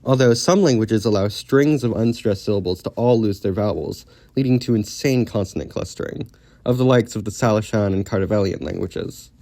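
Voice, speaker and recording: Man, lowish voice, dry close recording, scripted lesson narration, measured. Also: vocal fry, mellow, dry recording. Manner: measured, explanatory delivery. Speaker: linguistics video creator.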